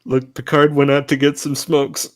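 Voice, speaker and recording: A man's voice: mid-range voice, little pitch movement, moderate pace, dry recording, clean studio sound. A young man co-hosting a casual review chat, making wry quips and giving short agreeing replies. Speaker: podcast co-host.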